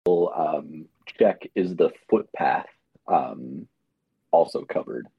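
A man plays his character casually in a tabletop game, hesitating now and then. His deep, husky voice moves a lot in pitch, and the recording sounds dull and dry. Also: animated, slow pace, no room sound. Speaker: player.

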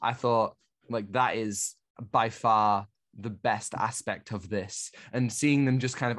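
A man co-hosting a podcast, talking through a television series in a casual, enthusiastic review chat. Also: on the low side. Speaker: podcast co-host.

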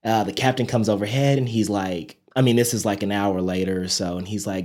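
A man in his thirties, a nurse and interview guest, telling stories in a casual, animated way with many fillers. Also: on the low side, fairly quick, hardly any pauses. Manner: animated storyteller, quotes people in lively voices, many fillers.

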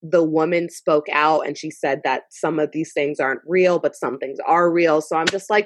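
A woman's voice: low-pitched, steady tone, normal speed, few pauses, dry recording. A woman co-hosting a casual gossip podcast, blunt and sarcastic with plenty of swearing. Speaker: podcast co-host.

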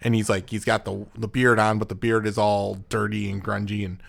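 A man's voice: fairly low pitch, little pitch movement, fairly quick, vocal fry, a bit bright. A man in casual chat, chiming in on a movie recap with agreement and quoted lines. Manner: laid-back, chimes in with agreement and quoted lines. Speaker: movie podcast co-host.

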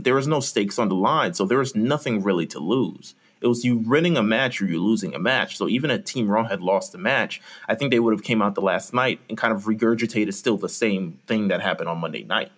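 A man co-hosting a casual wrestling podcast, speaking in an earnest, critical way and often restarting his sentences. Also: mid-range voice. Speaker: podcast co-host.

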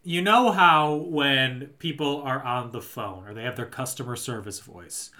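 A man's voice: medium pitch, a little slow, pushed and bright. A man co-hosting a casual chat, recapping a movie plot in a rambling, dry, joking way. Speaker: podcast co-host.

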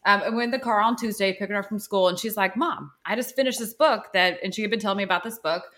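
Woman in her 30s-40s, bright sharp tone, chatty storyteller, podcast co-host. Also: medium pitch, fast. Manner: chatty anecdote-telling, acts out dialogue. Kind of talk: casual storytelling chat.

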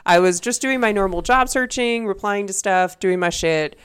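A woman's voice: medium pitch, normal speed, clean tone. A young woman co-hosting a casual podcast, telling a long story with lots of swearing and laughter. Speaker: podcast co-host. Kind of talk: casual chat. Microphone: desk mic.

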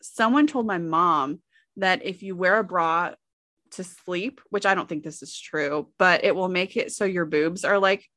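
A woman's voice: on the low side, unhurried, a bit bright, dry recording, studio quality. A woman co-hosting a casual chat, reading out questions and answering frankly, with lots of fillers and giggles.

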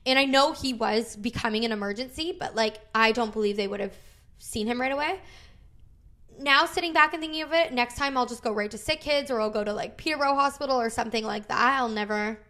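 30s woman podcasting, animated storytelling, cusses, acts out quotes, kinda high voice. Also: brisk. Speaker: podcast co-host. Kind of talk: casual chat.

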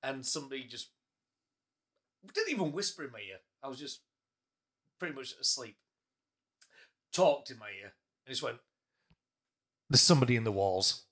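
A man's voice: medium pitch, expressive, normal speed, long pauses, a bit bright. A man hosting a casual podcast, joking, laughing and swearing as he tells stories. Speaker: podcast host.

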